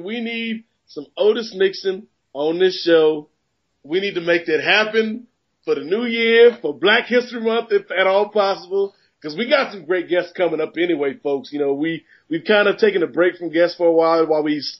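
Joking podcast host, lo-fi sound. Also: male voice, a little high. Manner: joking, rambling, animated riffs. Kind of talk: casual sports podcast banter. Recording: dull lo-fi podcast audio.

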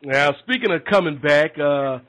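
A man's voice: fairly high pitch, lively intonation, normal speed, fairly bright tone. A male radio show host who steers the conversation between topics in an easygoing way. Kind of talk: casual radio show hosting. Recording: dull lo-fi audio with faint hiss.

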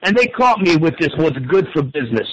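A man in his forties talking sports on a show, excitable and crude, full of stammered restarts and swearing. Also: a little high, fast talker, a little hiss or hum, poor audio. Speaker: wrestling and football pundit guest. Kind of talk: excited casual sports talk.

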